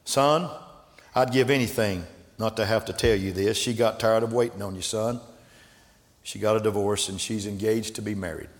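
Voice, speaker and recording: A man preaching a sermon as pastor, moving between quiet storytelling and shouted calls to the congregation. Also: on the low side, normal speed. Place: large church hall. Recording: echoey church hall with congregation.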